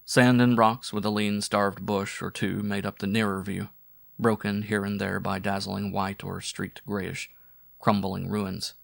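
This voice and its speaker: A man narrating a weird-fiction audiobook in measured, descriptive storytelling. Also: on the low side, flat delivery, creaky, dry recording, studio quality. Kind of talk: scripted narration.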